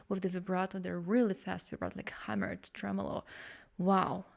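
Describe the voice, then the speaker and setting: A woman vlogging her reaction to a song, explaining vocal technique in an expressive, analytical way and exclaiming in surprise. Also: lowish voice, gravelly, faint music behind. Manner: slow and expressive, gasping and swearing in surprise. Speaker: vocal coach reacting to music.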